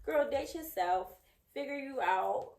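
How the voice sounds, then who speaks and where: A woman in her thirties co-hosts a casual podcast chat, talking frankly and emphatically. Her voice sits fairly high, and the room around her has a noticeable echo. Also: lively intonation, a little slow, vocal fry, very noisy. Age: 30s. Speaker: podcast co-host. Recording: echoey room.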